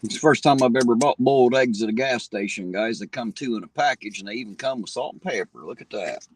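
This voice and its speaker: A man's voice: mid-range voice, fast talker, husky, rough recording. Folksy man, casual live-stream host, banters with chat between bites. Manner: folksy, joking, greets chatters by name; eats and talks between bites. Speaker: livestream host.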